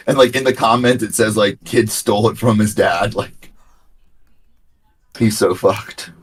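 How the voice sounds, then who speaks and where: A man's voice: medium pitch, normal speed. A young man on a live trading stream, chatting casually and telling rambling, slangy stories. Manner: rambling, slangy, animated storytelling. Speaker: day trader streaming live. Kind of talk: casual chat.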